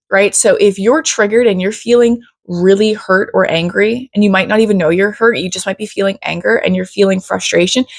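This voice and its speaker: Woman coach talking thru a lesson, gravelly, dry close sound, chatty, swears a bit. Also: mid-range voice, no room sound. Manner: chatty, often says "right?" and "you guys"; blunt, swears casually. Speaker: self-development coach. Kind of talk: casual spoken lesson.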